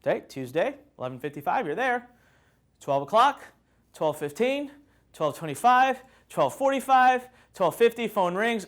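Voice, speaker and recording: A man's voice: sits high, normal speed. A man speaking to a live workshop audience as a motivational speaker, telling stories animatedly, acting out scenes and joking with the room. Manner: animated storytelling, acts out scenes, jokes with the audience. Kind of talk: live motivational seminar talk.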